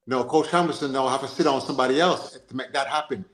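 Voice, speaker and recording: A man with a Jamaican accent hosts a casual football chat podcast, talking animatedly in a quick, mid-range voice. He repeats himself and keeps checking in with "you understand?". The sound is roomy.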